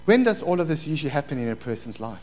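A middle-aged man preaching a sermon, moving from quiet asides to loud, fervent passages. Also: fairly high pitch, very animated, fast, poor audio. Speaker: pastor. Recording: faint mains hum.

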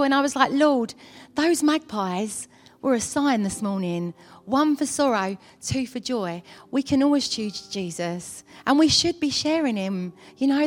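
A woman giving a chatty, earnest personal testimony in church, with many fillers. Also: high-pitched. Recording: long hall reverb.

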